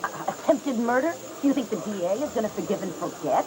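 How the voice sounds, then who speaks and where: A woman's voice: mid-range voice, animated, quick pace, noisy background, natural voice. An actress playing a cold, scheming rich woman who talks down to others with cutting condescension, in TV soap opera style. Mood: menacing. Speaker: scheming villainess. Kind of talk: 1990s TV soap opera acting. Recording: TV audio with music underneath.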